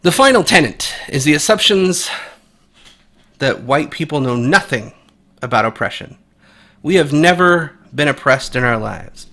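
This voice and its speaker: A man's voice: a little high, sharp tone. A man giving blunt, profane, opinionated commentary, rambling with frequent restarts. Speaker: commentary channel host.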